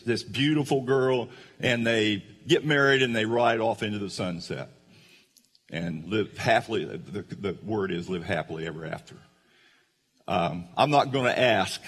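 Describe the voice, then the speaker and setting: A man's voice: fairly low pitch, a bit bright, slightly rough. A man giving a folksy storytelling sermon who speaks directly to the audience. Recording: long hall reverb.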